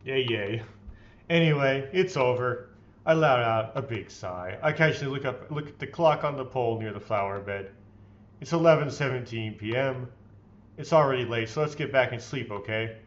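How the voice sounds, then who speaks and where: A man's voice: mid-range voice, moderate pace. Man reading game text, dull lo-fi. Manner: expressive, playfully theatrical reading. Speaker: let's play host. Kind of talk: reading visual novel text aloud with commentary.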